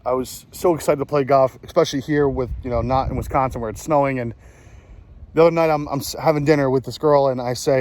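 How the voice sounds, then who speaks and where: A man's voice: medium pitch, fairly even intonation, fast talker, darkish tone. A man in his late twenties with a New Jersey accent, telling rambling, self-deprecating stories while out playing golf. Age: 20s. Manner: rambling, self-deprecating, many fillers and restarts. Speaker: vlogger. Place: outdoors on a golf course.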